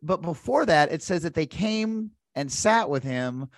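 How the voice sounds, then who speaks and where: A man hosting an interview, animated and earnest, telling scripture stories and asking questions. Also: fairly high pitch, measured pace, no echo, studio quality. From grew up Pentecostal. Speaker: host. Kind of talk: conversational interview.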